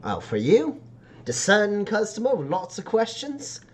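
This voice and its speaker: Man voicing a sly female dealer, high voice, wheedling sales patter. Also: wildly swooping pitch, moderate pace, a little hiss or hum. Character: sly woman street dealer.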